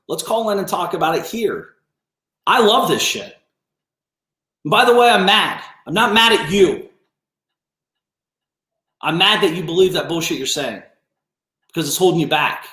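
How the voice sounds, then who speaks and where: A man with a high-pitched, fairly bright voice hosts a business coaching livestream, ranting bluntly and confrontationally with plenty of swearing. The recording has a roomy echo.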